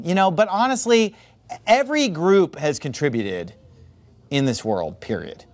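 Animated high-voiced male preacher. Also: unhurried, no room sound. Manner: animated, talks to the room with asides and mimicry; informal filler-heavy delivery. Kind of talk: sermon.

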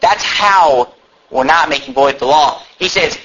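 A man's voice: on the high side, a little slow, a bit bright. A man preaching a sermon, reading scripture aloud and building emphasis as he explains it. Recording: dull lo-fi sound.

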